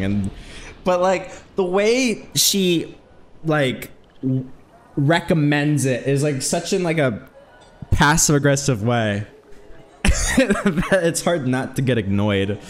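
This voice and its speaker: A man chats casually while streaming a game, wandering from story to story. His pitch moves a lot, and he jumps into loud, excited yelps when something catches his eye. Soft game music plays faintly underneath. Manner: rambling, animated, exclaims loudly when excited. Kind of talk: casual let's-play chat.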